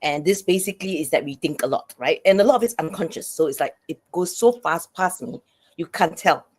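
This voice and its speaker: A woman's voice: fairly low pitch, expressive, a little fast, a little mellow, slightly rough. A woman speaking as a psychologist and coach guest in an interview, earnest and explanatory, often checking in with "right?".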